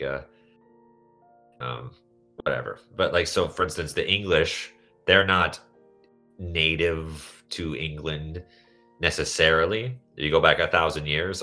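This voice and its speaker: Deep-voiced rambling young man. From United States. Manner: rambling, tangential, deadpan jokes. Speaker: podcast host. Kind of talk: casual podcast chat.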